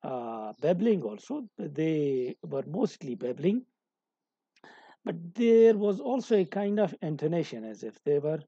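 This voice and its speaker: Dark-voiced man lecturing, halting delivery. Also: a little high, big pitch swings, breathy edge, no echo, dull audio. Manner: explaining with many hesitations and restarts. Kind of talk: recorded lecture.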